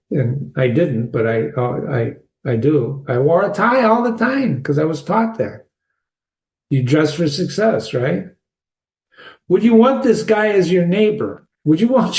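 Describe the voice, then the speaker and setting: A man hosting a literature channel, casually analyzing a short story with digressive anecdotes, wry asides and quick laughs. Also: on the high side, a little mellow. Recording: echoey room.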